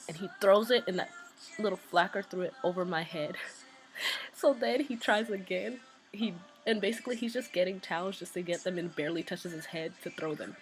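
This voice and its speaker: A woman's voice: on the low side, brisk, soft background music, rough recording. Chatty young woman full of "like"s. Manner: lots of "like" and "um" fillers; excited, chatty recounting. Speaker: vlogger. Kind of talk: casual storytelling.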